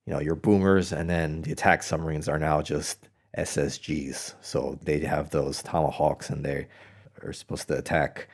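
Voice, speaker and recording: Low voiced guy ranting about subs on his podcast, blunt and sarcastic. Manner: blunt, wry, sarcastic asides. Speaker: podcast host. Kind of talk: explanatory monologue.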